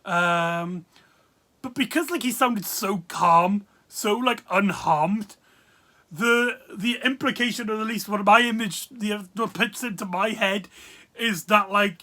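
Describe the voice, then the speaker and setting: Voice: medium pitch, unhurried, pushed and bright. A video reviewer, talking casually and rambling with many fillers and asides. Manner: rambling, full of fillers and laughs.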